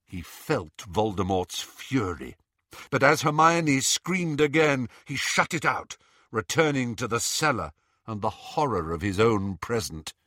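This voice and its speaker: A man narrating an audiobook in an expressive, measured way. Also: medium pitch, no room sound, studio quality.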